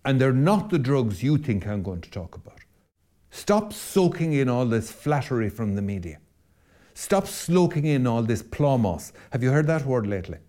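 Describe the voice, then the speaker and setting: A man's voice: medium pitch, big pitch swings, normal speed, mellow. A man, a Catholic priest hosting a podcast, arguing passionately in a rhetorical, preacherly way and repeating phrases for emphasis. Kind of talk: impassioned podcast argument.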